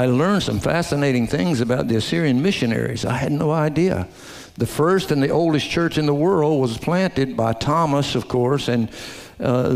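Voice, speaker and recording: A man's voice: fairly high pitch, a little mellow. A man pastor preaching a sermon, teaching through scripture and growing more emphatic. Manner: expository teaching with rising emphatic passages.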